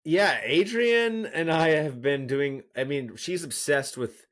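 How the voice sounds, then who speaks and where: A man in his thirties co-hosting a casual podcast, telling animated stories about his young daughter and laughing easily. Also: on the high side, slow. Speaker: podcast co-host. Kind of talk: casual chat.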